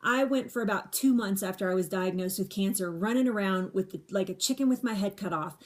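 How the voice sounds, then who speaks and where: A woman's voice: mid-range voice, a little fast. Middle-aged woman doing a live q&a, candid and chatty, repeats herself for emphasis, lots of restarts. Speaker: livestream host answering viewer questions. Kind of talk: casual live Q&A monologue. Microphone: phone or webcam on a live stream.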